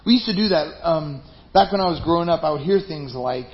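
A man preaching a sermon to his congregation, talking conversationally, with some passages loud and emphatic and others dropped to a hushed aside. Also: a little high, fairly quick, a little hiss or hum. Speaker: pastor. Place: church sanctuary. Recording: roomy, slightly dull live church recording with faint ambience.

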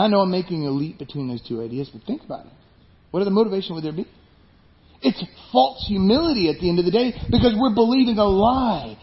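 A man preaching a sermon, animated, acting out the voices of people in his stories. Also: high-pitched, lo-fi sound. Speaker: pastor.

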